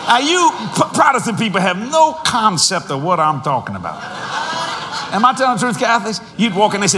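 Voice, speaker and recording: A man in his sixties preaching a sermon, animated and storytelling, with sudden shouts and slow, drawn-out emphasis on key phrases. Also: high-pitched, long reverb tail, background noise. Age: 60s.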